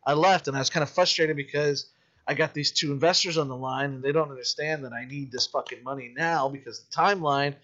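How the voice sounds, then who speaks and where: A man who makes independent films, telling stories in casual podcast chat, animated and full of swearing. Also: a little high, brisk, dull audio. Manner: profane, animated storytelling. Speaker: independent filmmaker.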